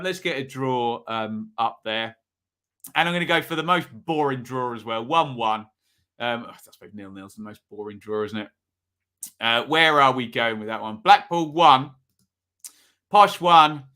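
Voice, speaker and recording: Man, football predictions live stream host, casual chatty delivery, bright voice. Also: on the high side. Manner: chatty, asks chat for predictions, reads comments aloud.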